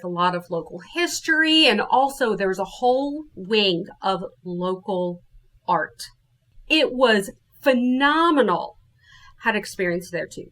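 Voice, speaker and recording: A woman from New Orleans, a guest telling her ghost story in casual, animated talk. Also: mid-range voice. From New Orleans, USA. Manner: animated, acts out her own quotes.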